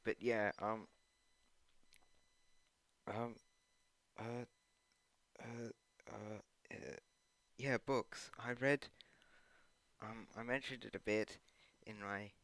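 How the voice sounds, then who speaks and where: Gaming host, man, low and bright, dry close sound, rambling and hesitant. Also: steady tone, drawn-out words, pauses often, dry recording. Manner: meandering and hesitant, with many ums and uhs; self-deprecating asides. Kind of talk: rambling commentary while playing a video game.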